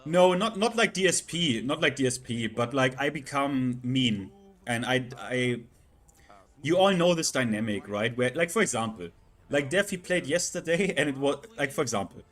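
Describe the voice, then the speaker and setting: Guy chatting on his stream, keeps stumbling and repeating himself, normal pitch. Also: lively intonation, a bit bright. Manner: halting, repeats words, many fillers. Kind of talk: casual live-stream chat.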